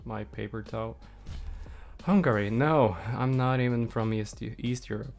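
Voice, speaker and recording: Man, casual streamer, slow rambling talk, gropes for words. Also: medium pitch, vocal fry. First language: Norwegian. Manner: relaxed, rambling, searches for words. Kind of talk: casual chat with viewers. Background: faint background music.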